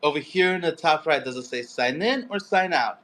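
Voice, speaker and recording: A man's voice: fairly high pitch, expressive, normal speed, fairly bright tone. A man walking through a coding setup step by step, teaching live. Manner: explanatory, step-by-step. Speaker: coding instructor. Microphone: phone.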